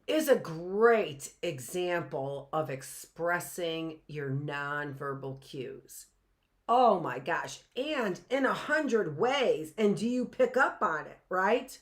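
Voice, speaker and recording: A woman's voice: fairly low pitch, lively intonation, takes it slowly. A middle-aged woman teaching a live online class in a chatty way, often checking in with "right?" and rhetorical questions.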